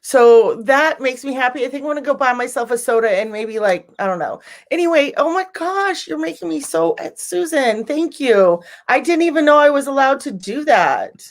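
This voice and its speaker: A bubbly woman hosts a casual live-stream chat, her voice sitting a little high. She gushes and talks animatedly, turning teary and emotional as viewers chime in. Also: lively intonation, moderate pace, few pauses.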